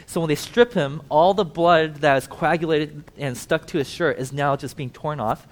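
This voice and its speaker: A man preaching a sermon who tells the story vividly, swings between emphatic and hushed, and talks directly to his listeners. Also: fairly high pitch, normal speed. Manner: conversational asides to listeners.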